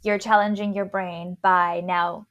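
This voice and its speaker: A woman's voice: on the low side, little pitch movement, measured pace, fairly bright tone, lo-fi sound. Woman with a slight lisp explaining. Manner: explains carefully, stumbling and restarting on long words. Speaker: podcast host. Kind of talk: casual explanatory chat.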